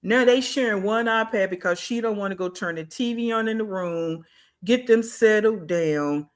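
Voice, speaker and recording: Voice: mid-range voice, normal speed. A reaction channel host giving blunt, scolding commentary and talking back at a clip.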